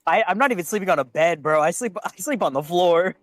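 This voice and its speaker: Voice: medium pitch, expressive, fast talker, no echo. A player chatting casually during a tabletop game on a voice call. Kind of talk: casual chat.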